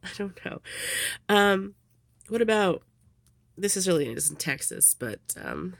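Woman, casual vlogger; sniffly, giggly and rambling, unhurried delivery, dry sound. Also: on the low side, sing-song, creaky, no room sound. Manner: rambling, giggly, many ums. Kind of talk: casual questionnaire vlog.

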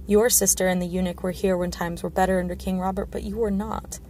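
A woman's voice: on the low side, flat delivery, fast talker, warm tone, a little hiss or hum, close to an everyday voice. A woman reading the part of a blunt, honest city guard commander, speaking steadily.

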